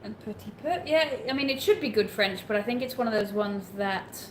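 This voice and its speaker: A woman in easy conversation on a live stream, hedging as she talks and pausing to read viewer questions aloud. Her voice sits in the middle of the usual range and carries in an echoey room, with faint ambience behind. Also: medium pitch, animated, a little hiss or hum. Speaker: co-host of a travel livestream. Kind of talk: casual live chat.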